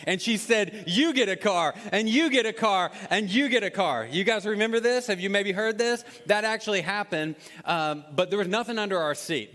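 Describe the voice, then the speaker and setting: A man preaching a sermon as a pastor, telling a story in an animated, conversational way. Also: high voice, long reverb tail. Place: church auditorium.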